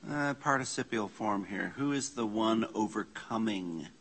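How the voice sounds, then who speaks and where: A man leading an informal church class, slowly reading out Greek scripture and explaining the grammar with casual asides. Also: fairly low pitch, a bit bright, husky. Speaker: Bible study teacher. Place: church meeting room.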